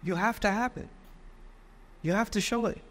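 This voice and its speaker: A man's voice: sits high, normal speed. A man preaching a sermon with passionate, rhetorical repetition. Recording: long hall reverb.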